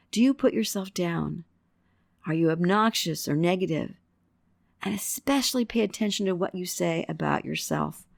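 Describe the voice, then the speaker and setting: A middle-aged woman hosts a self-help podcast in a chatty, upbeat manner. Her voice has a touch of gravel, and she acts out little bits of self-talk with lively jumps in pitch. The sound is close and dry, with no room around it. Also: no room sound. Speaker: podcast host. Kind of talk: casual self-help monologue.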